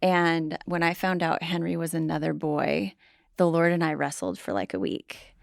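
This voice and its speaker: A woman's voice: lowish voice, normal speed, vocal fry, no room sound, clean studio sound. A middle-aged woman, a podcast guest, telling family stories in casual conversation and acting out quoted dialogue. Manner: animated storytelling, acts out quoted dialogue. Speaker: podcast guest, pastor's wife.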